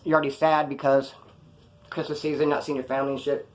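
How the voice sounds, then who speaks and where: A man who served time recounting his prison days in casual storytelling, blunt and profane, with animated jumps in pitch for emphasis. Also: quick pace. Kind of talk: casual first-person storytelling.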